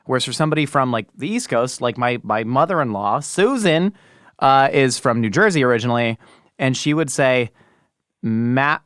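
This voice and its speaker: A man's voice: mid-range voice, expressive, moderate pace, fairly bright tone, smooth, dry recording, studio quality. A man co-hosting a podcast in casual chat, explaining eagerly with many stammered restarts. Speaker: podcast co-host.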